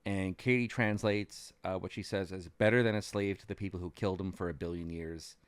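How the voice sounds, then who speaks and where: A man co-hosting a podcast, retelling events casually with an animated storytelling manner and frequent ums. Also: low-pitched, a little fast, smooth, no echo. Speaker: podcast co-host recapping as a cast member. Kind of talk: casual chat.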